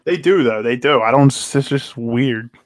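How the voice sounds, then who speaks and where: A man talking in a loose, casual podcast chat, swearing freely and acting out crowd voices as he tells a story. His voice sits at a middle pitch for a man. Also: unhurried. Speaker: podcast co-host.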